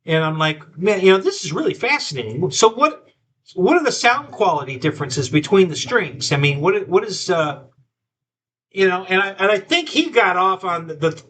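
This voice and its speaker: Male stream host, rambling storyteller, high and bright-toned. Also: very animated, moderate pace. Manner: rambling storyteller, many restarts, quotes himself and others. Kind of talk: casual live-stream chat.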